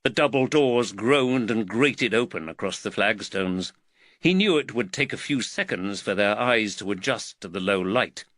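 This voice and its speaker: A man narrating an audiobook in an expressive, measured storytelling manner. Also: on the low side, no room sound. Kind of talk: scripted narration.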